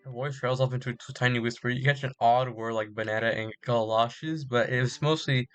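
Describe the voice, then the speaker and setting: A man's voice: medium pitch, steady tone, brisk, clean tone, no room sound, soft background music. A man playing a dating game, reading its text aloud and reacting with casual bemusement. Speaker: gaming streamer.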